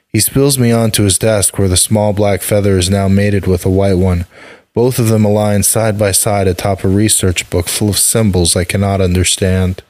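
Low-voiced man narrating a dark tale. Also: dry recording. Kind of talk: scripted narration.

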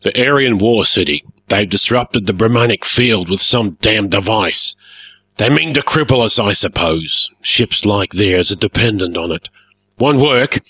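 A man voicing a gruff, blustering male airship pirate captain who barks his orders, in a storybook reading. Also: lowish voice, bright, forceful tone, no echo. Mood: barking.

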